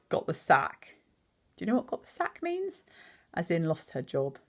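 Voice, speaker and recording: A woman teacher reading a picture book aloud, pausing to chat and quiz the listener on words. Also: low voice, darkish tone. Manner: chatty, asks the listener questions.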